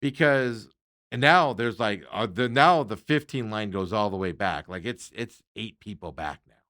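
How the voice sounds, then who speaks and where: Speaking at normal speed in a lowish voice, a male podcast host tells a story about an everyday encounter. His delivery is casual, animated and exasperated, and he performs the quoted lines of the people involved.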